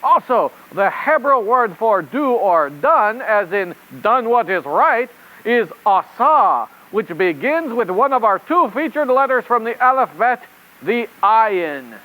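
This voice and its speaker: A man's voice: high voice, big pitch swings, takes it slowly, sharp tone, heavily acted, poor audio. A man voicing a chirpy male rabbit reporter puppet in a children's puppet show, with a silly put-on French accent. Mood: cheery.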